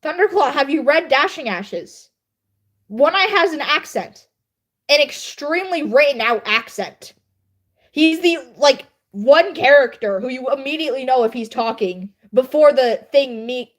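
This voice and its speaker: Animated and unhurried, this young woman's high voice carries her casual livestream chat. She's a writer editing her work, laughing at herself often in a chatty, self-deprecating way.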